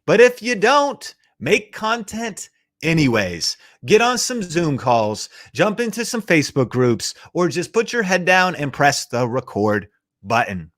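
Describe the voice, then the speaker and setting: A man's voice: on the high side, big pitch swings, measured pace, fairly bright tone. A man hosting a motivational live show, talking in a punchy, fired-up, slangy way. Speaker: show host. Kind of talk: motivational livestream talk.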